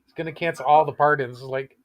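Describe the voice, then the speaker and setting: A man's voice: on the high side, moderate pace, a bit bright. A man from Canada in a casual group chat, talking freely and laughing between thoughts. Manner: chatty, laughs often, restarts sentences. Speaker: chat participant.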